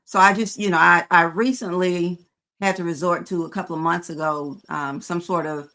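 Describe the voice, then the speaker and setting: A woman in her fifties hosting a panel, talking frankly and conversationally with frequent pauses to gather her words. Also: on the low side, steady tone, pushed and bright. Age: 50s. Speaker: host.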